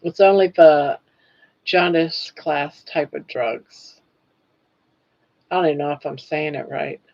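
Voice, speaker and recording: A woman's voice: low-pitched, fairly even intonation, slow pace, a little mellow, muffled recording. A woman in her sixties hosting a casual live stream, chatting and laughing as she reads out comments. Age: 60s. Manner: chatty, laughs often, playful about pronunciation.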